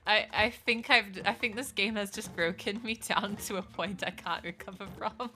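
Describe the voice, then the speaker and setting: Young woman streaming a game, chatting to chat and mocking herself, kinda sharp bright tone. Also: medium pitch, normal speed, faint music behind. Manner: rambling, self-mocking, talks to chat while playing. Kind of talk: casual live-stream gaming chat.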